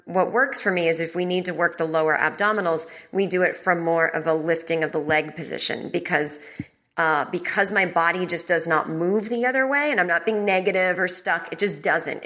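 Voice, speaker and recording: Bright-toned exasperated woman podcast host. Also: fairly low pitch. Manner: rambling, exasperated, swears freely. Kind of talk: casual comedic storytelling. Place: at home.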